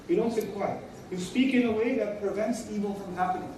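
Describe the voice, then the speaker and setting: A man with a high voice delivers a religious lecture, stressing his points by repeating them and slipping into short acted-out exchanges. He sounds far from the mic, in a very echoey room with a faint hiss behind him. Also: a little fast, dark tone. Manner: emphatic, repeats key lines, acts out everyday dialogues. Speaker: Islamic teacher.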